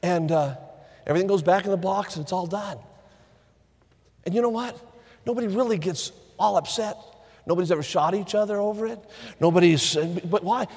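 A middle-aged preacher with a high, breathy-edged voice delivers a sermon in a church sanctuary. He leans on storytelling and repeated phrases for emphasis, heard through long hall reverb.

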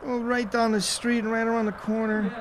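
A man's voice: extremely high pitch, level tone, brisk, slight background noise. An actor playing a drunk, defiant teenage boy who slurs and giggles.

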